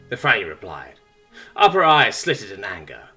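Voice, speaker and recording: A man narrating a science fiction story in a lowered, understated voice. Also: very animated, normal speed, sharp tone, husky, soft background music.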